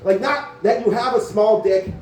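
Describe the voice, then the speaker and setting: A man's voice: high-pitched, moderate pace, a little mellow, soft background music. A man doing a rambling, profane stand-up comedy set in a small cafe venue, full of filler words. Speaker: stand-up comic. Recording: echoey room, mic from far off.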